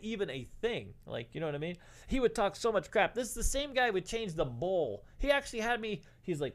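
A man's voice: high voice, very animated, a little fast. A middle-aged man telling casual stories as a co-host on a livestream, swearing and saying "dude" a lot. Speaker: podcast co-host.

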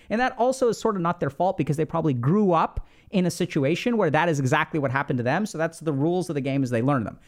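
Lively and quick, this high-voiced podcast host talks through relationship advice in a casual way. His speech is sprinkled with "like," and he keeps asking "right?" to check in.

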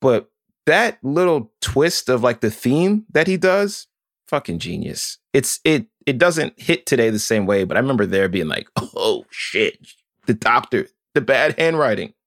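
Animated man with a dry, close sound. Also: medium pitch, moderate pace, no room sound. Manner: animated, profane, acts out quotes in voices. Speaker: podcast co-host. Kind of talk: casual chat.

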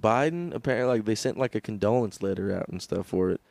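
A man's voice: on the low side, animated, fast talker, creaky, a little mellow, dry recording. A young man co-hosting a comedy podcast, laughing often and tripping over names. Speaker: podcast co-host. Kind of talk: casual comedic chat. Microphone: close podcast mic.

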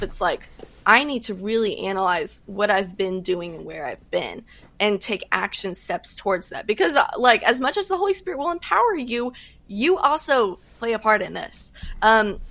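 Woman, podcast guest, earnest faith testimony, casual, quick bursts. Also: medium pitch, fairly bright tone. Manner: earnest, fast-talking with fillers.

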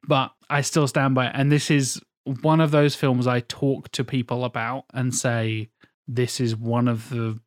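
A man's voice: mid-range voice, no room sound, studio quality. A man in his thirties co-hosting a podcast, talking about films in a casual, rambling way and swearing often. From England. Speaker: podcast co-host. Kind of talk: casual film discussion.

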